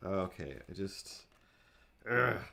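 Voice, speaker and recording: A young man with a lowish voice rambles through casual livestream chat, cracking self-deprecating jokes as he fiddles with his setup. He talks in a loose, unscripted way, full of asides. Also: expressive, slow, pushed and bright. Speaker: livestream host. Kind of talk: casual chat while setting up a drawing stream.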